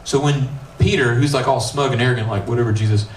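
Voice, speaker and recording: A man who is a middle school pastor gives a youth sermon, telling the story with animated, casual acted-out dialogue. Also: mid-range voice, fairly quick, slight background noise. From United States. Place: church youth room. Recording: echoey room, mic at a distance, faint ambience.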